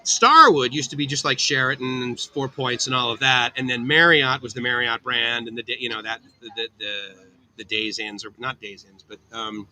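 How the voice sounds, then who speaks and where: In poor audio with a little hiss or hum, a livestream host speaks in a mid-range voice at a moderate pace with a sharp tone. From an outdoor cafe on a tropical island, he keeps up an upbeat, casual chat, reading viewer comments and replying to people by name.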